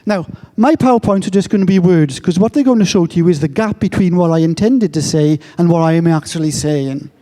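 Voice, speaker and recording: English man, self-mocking conference speaker, high and mellow, reverberant hall. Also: fairly quick, hardly any pauses. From England. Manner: joking, self-mocking storyteller. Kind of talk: conference talk.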